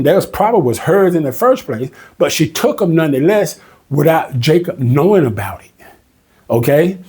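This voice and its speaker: A man teaching an informal Bible study, reading scripture aloud slowly and explaining it in an emphatic, repetitive way, often checking in with "okay?". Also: a little high, darkish tone, husky.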